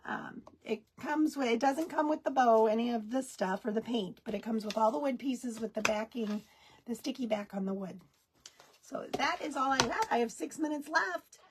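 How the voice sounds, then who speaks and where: Chatty high-voiced woman demoing a craft kit. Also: moderate pace, slight background noise. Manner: chatty, folksy, talks to viewers and pets; baby talk to her dogs. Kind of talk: live craft tutorial.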